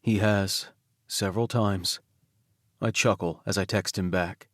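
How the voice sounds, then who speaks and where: A man narrating a romance audiobook in first person, intimate and soft-spoken. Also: low-pitched, fairly even intonation, unhurried, no room sound, studio quality.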